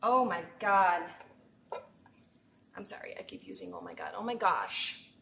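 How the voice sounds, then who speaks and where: In an echoey home kitchen with a little hiss or hum, a woman chef streams a casual cooking session, gushing to viewers, exclaiming often and mixing in Spanish phrases. Her voice is fairly low, gravelly and a bit bright, very animated but a little slow.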